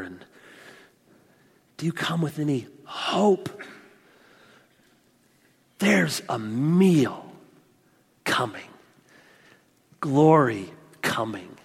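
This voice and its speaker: Guy preaching in a big echoey church, voice climbs up high then drops way soft. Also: very slow, pauses often, slightly rough. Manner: animated, swings from loud proclaiming to quiet confiding. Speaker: pastor. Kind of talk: sermon.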